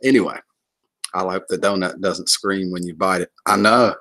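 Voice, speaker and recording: A man's voice: sits low, fairly even intonation, brisk, a bit bright. Jokey, rambling man on a livestream. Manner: jokey, laughs often, rambling. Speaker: livestream host. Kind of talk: casual livestream chat reading comments.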